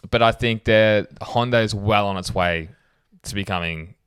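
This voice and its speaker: A man's voice: on the low side, moderate pace, a bit bright, smooth, dry recording, studio quality. A young man co-hosting a casual motorsport podcast, rambling with lots of "like" and "you know". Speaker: podcast co-host.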